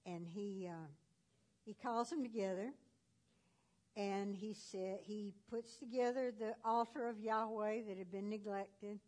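A woman's voice: medium pitch, fairly even intonation, a little slow, a little mellow. A woman retelling a Bible story in a folksy, conversational way with casual fillers.

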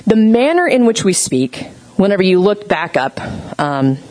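A woman giving a casual teaching talk on gentle communication, chatty and full of fillers, who tells stories with animation. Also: mid-range voice, sing-song, normal speed, low-quality recording.

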